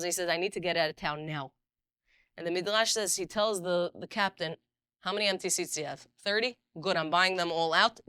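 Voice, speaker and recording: Middle-aged woman, Bible teacher, animated storyteller, lowish pitch. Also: smooth, dry recording, studio quality. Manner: animated storyteller, acts out dialogue, reads Hebrew verses quickly. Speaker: rabbanit teaching a Bible class. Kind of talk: lively Torah class with stories.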